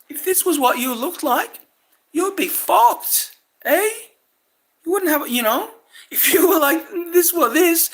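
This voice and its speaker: A woman's voice: medium pitch, a bit bright. A woman delivering a rambling, angry monologue, swearing nearly every sentence. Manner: swears constantly, rambling, frustrated. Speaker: vlogger.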